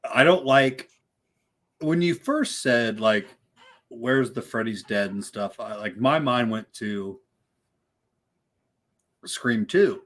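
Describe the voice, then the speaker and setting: A man's voice: medium pitch, slow, pauses often, fairly bright tone. A man co-hosting a casual horror movie livestream, rambling with repeated words and lots of "dude" and "like". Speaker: livestream co-host.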